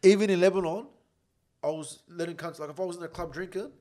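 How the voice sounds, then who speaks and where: Fast-talking, profane Australian man. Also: high voice. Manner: blunt, heavy swearing, animated retelling. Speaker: guest. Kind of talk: profane storytelling on a podcast.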